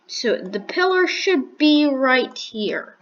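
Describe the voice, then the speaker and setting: A woman narrates her block-game build at an unhurried pace, pausing to count and restarting her sentences as she works things out. Her voice sits a little high, and her humor is dry and sarcastic. The recording sounds muffled and lo-fi. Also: big pitch swings. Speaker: gaming video creator. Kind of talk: casual Minecraft build commentary.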